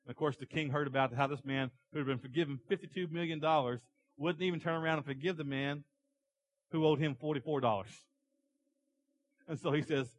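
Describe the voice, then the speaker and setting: A man preaching a sermon to his church, animated as he tells stories and acts out characters. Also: on the high side, fairly quick, a little hiss or hum, poor audio. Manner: animated storytelling, acting out characters in the parable. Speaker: pastor.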